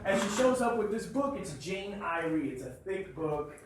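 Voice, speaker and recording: A man's voice: high voice, very animated, moderate pace, heavy background noise. A man telling joking, blunt stories and swearing freely as he speaks to a networking meeting with an audience. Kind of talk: humorous motivational storytelling to a group. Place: meeting room with a live audience. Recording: echoey room from far off with crowd.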